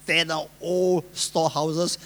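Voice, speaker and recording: A male pastor with a Singaporean accent delivers an emphatic sermon in a somewhat higher voice. He swings between loud, stressed lines and quiet asides, and acts out the people he quotes. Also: little pitch movement, slow pace. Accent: Singaporean English.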